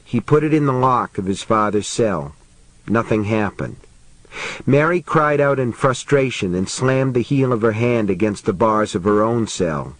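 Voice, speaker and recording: A man narrating an audiobook in a steady, measured reading voice. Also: lowish voice, no echo, low-quality recording.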